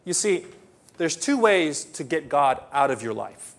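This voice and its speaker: Male pastor, slightly higher voice, emphatic sermon delivery with big swings in loudness. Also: big pitch swings, measured pace. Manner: emphatic, swings from hushed to loud voices of imagined people.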